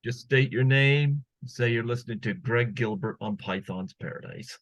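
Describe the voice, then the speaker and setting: A man's voice: medium pitch, normal speed, no echo. A man hosting a casual interview podcast with brief, easygoing remarks. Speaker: podcast host.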